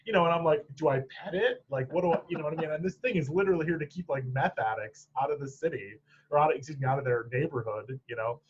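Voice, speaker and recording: A man's voice: on the high side, fast talker, husky, muffled recording. A man from Michigan's Upper Peninsula, a podcast guest talking casually about his clinical training, rambling with many restarts and laughs. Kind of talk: casual interview chat.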